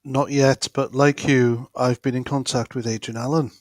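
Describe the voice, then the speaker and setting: A man's voice: mid-range voice, little pitch movement, normal speed, no room sound. A man chatting casually on a livestream, rambling with lots of fillers. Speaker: co-host guest. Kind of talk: casual live chat.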